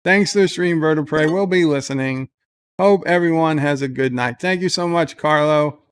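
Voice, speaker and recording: A man's voice: fairly high pitch, moderate pace, clear, resonant tone. A man streaming a strategy game, reacting aloud with grumbles, curses and cheers. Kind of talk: live game commentary.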